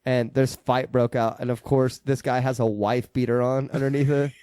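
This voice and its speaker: A man's voice: medium pitch, little pitch movement, normal speed, warm tone, clean tone, no echo, studio quality. Profane, laughing man telling stories. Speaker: podcast host. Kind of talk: casual podcast chat.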